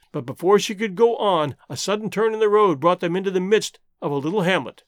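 A man narrating a classic adventure novel as an audiobook, in an expressive, dramatic reading. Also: high voice, fairly quick, few pauses, no room sound, studio quality. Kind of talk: storybook narration.

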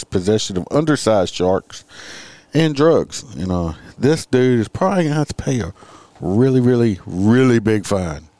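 A man's voice: on the low side, a little mellow, dry recording. A man hosting a casual livestream, reading out crime stories and chatting with his viewers in a sarcastic, profane, rambling way.

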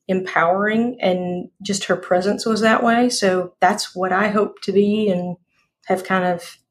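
A woman's voice: mid-range voice, slight background noise. Woman guest, folksy and emphatic delivery, mid-range voice. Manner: folksy, emphatic, repeats phrases for effect. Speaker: podcast guest, speaker. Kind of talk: casual interview chat.

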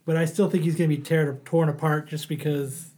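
A man co-hosting a casual chat, relaxed and full of fillers like "like". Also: a little high, a little fast. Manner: relaxed, filler-heavy, frequent "like". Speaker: podcast co-host.

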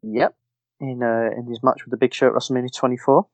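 A man's voice: medium pitch, flat delivery, quick pace, no echo. Easygoing man, dry sound. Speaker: podcast co-host and quizmaster. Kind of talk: casual podcast chat.

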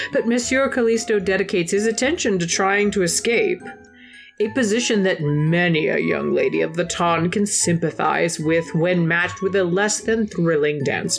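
A woman's voice: fairly low pitch, gravelly. A woman voicing a prim Regency society gossip columnist, reading an arch, genteel report. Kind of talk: mock-formal recap reading.

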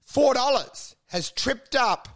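High-voiced man riffing on a podcast. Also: lively intonation, takes it slowly, a bit bright. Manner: rambling, mock-outraged, laughing. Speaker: podcast co-host. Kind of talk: casual comedic banter.

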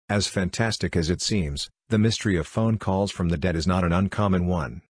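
Low male narrator, dry and close, steady read of ghost stories. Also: no room sound.

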